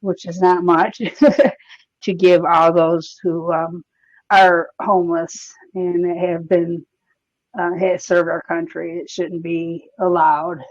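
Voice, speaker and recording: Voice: medium pitch, little pitch movement, slow, no room sound. A caller on a call-in chat, heartfelt and hesitant, restarting often. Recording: dull lo-fi call audio.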